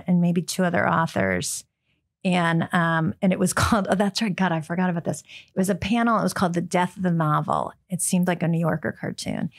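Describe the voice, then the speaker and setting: Chatty American woman with gravelly voice. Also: lowish voice. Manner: chatty, many ums and restarts, quick asides. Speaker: book editor, podcast guest. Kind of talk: casual interview chat.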